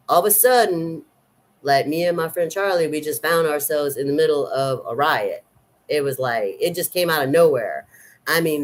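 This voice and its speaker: Woman, 50s, Southern accent; casual, rambling vlog chatter full of fillers. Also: low-pitched. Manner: rambling and chatty, with many ums and restarts. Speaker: vlogger. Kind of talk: casual chat.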